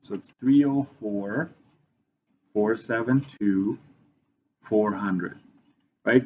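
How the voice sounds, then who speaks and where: Male teacher, mid pitch, walks students through steps, slightly dull lo-fi recording with faint background noise. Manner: talks through steps, frequent "right?" checks. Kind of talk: math lesson walkthrough.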